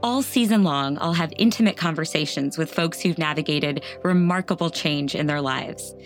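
A woman's voice: low voice, normal speed. Woman host narrating her show earnestly, faint music behind. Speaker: podcast host and cognitive scientist. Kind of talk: scripted narration and interview.

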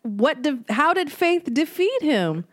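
A woman co-hosting a podcast, bantering casually with animated disbelief. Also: high voice, takes it slowly, dry recording, studio quality. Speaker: podcast co-host. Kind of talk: casual chat.

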